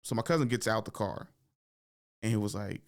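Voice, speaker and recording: A man's voice: fairly low pitch, brisk. A man, a stand-up comic hosting a show and telling loose, slangy, funny stories about growing up. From Bay Area, California. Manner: loose slangy storyteller, breaks into laughter. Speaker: stand-up comic, podcast host. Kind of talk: casual comedic storytelling.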